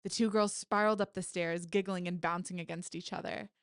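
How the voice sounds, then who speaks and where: A woman's voice: on the low side, a little fast, smooth, no echo, clean studio sound. Woman reading her horror story aloud. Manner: lively, self-correcting with laughs. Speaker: author.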